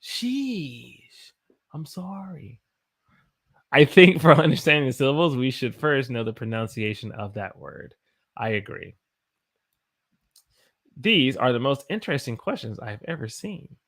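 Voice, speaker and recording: An American man teaching English on a live stream, repeating words slowly for learners and answering questions from the chat. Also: mid-range voice, animated, a bit bright. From United States. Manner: slow, drawn-out spelling and repetition of words for learners.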